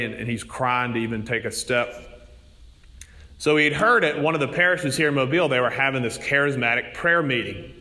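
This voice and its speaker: A man's voice: medium pitch, bright, forceful tone, big-room sound. A man preaching a sermon, telling stories in an earnest manner. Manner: storytelling, earnest.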